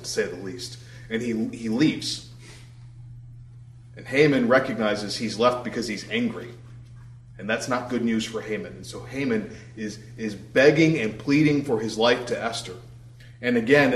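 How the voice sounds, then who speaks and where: A young adult man preaching a sermon in a conversational, wry storytelling way. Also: medium pitch. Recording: roomy echo.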